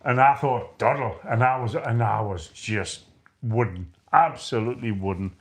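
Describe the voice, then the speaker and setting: A middle-aged man co-hosts a casual live chat stream, talking at normal speed in a mid-range voice. His manner is chatty and rambling, and he mocks himself often.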